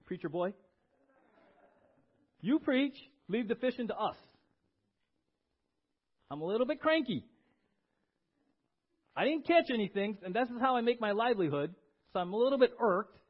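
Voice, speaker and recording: A man's voice: medium pitch, slightly rough, pitched below the performer's own voice. A man voicing a tired, irked fisherman who grumbles and talks down to a newcomer. He mocks with a dismissive edge. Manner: grumbling, mocking. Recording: dull lo-fi recording.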